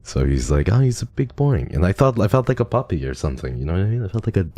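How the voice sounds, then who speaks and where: Super deep voiced guy rambling thru a story on stream, dry close mic sound. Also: sing-song, warm tone, dry recording. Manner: rambling, halting storytelling with many restarts. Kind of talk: casual livestream chat.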